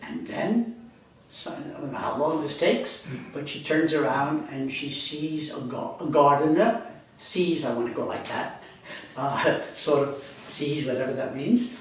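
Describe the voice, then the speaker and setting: A man's voice: on the high side, a little slow, slight background noise. Man lecturing in an echoey classroom. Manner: rambling, self-correcting, conversational. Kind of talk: university lecture. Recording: echoey classroom, speaker far from mic.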